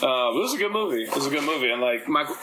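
A man's voice: mid-range voice, very fast, heavy background noise. A young adult man hosting a casual podcast, telling stories with acted-out quotes and frequent swearing. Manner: animated storyteller, acts out quotes, swears freely. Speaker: podcast host.

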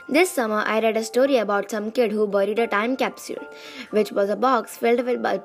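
Hoarse young woman reading a storybook. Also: fairly high pitch. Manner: chatty, with small restarts and giggles. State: losing her voice. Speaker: reader of a children's book.

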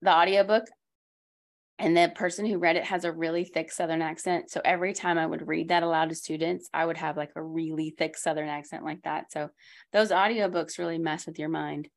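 Lower voiced lady with some fry, chatty library podcast host, lots of little asides. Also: steady tone, a little fast. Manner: chatty, laughs easily, many asides. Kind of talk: casual book talk chat.

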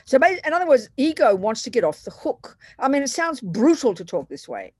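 A woman teaching Buddhist ideas in a conversational dharma talk, animated and self-deprecating, slipping into other people's voices to make her points. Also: sits high, brisk, slightly rough, no echo. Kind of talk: dharma talk to a retreat group.

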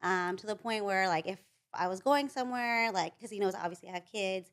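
A woman's voice: mid-range voice, a little fast, fairly bright tone. A young woman telling a dating story in casual chat, rambling with lots of likes and restarts. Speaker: guest.

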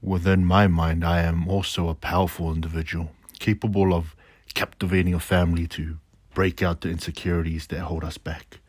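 Deep-voiced man, earnest spoken word. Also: little pitch movement, normal speed, husky, dry recording, studio quality. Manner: earnest and declamatory, with casual slang asides. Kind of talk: reflective spoken-word monologue.

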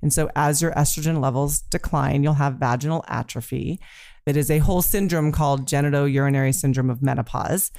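Brief: female gynecologist guest, smooth resonant voice, dry close sound, calm and explanatory. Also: deep voice, a little fast, dry recording. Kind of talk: conversational medical explanation.

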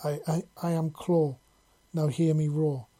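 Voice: medium pitch, a little slow, dark tone, breathy edge. A reader doing a stammering shy creature boy. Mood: timid. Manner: stammering, timid, repeating words. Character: shy young male winged clawed creature.

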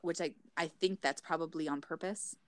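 Low-voiced woman casually recapping a show. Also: normal speed, dry recording. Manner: animated, acts out characters' lines in raised pitch; frequent fillers like "like". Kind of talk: casual retelling of a TV episode.

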